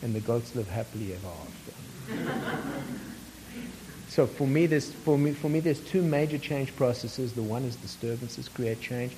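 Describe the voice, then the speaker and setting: A man's voice: medium pitch, unhurried, a little mellow, a little hiss or hum, rough recording. Chuckling man leading a workshop group. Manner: chuckles often, asks the group questions. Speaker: workshop facilitator. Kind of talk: teaching a workshop with storytelling.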